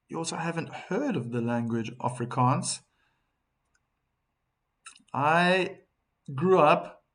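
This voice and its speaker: A man hosts a live tennis stream, talking with a slightly raised pitch. He takes his time, chatting easily with viewers and reading their comments aloud. He often restarts his sentences and fills gaps with ums. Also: a bit bright. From South Africa.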